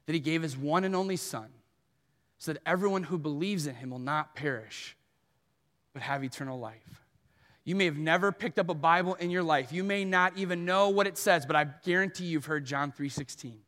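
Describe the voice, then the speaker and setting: A man's voice: on the high side, a bit bright. A man preaching a sermon as pastor, earnest and at times emphatic. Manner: earnest, rising to emphatic questions. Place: church hall. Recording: long hall reverb.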